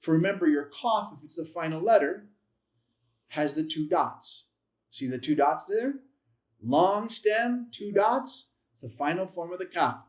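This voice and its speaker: A man's voice: a little high, expressive. Patient man sounding out letters. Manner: patient, sounds out letters slowly and repeats them; self-correcting, lightly humorous asides. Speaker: Bible Hebrew teacher. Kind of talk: classroom-style language lesson.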